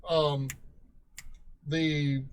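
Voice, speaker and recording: A man hosts a casual talk show about gaming and asks his guest questions. His voice sits a little high, and he tells his own stories in a relaxed way, chuckling as he goes. A faint noise sits behind him. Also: very slow. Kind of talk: casual interview.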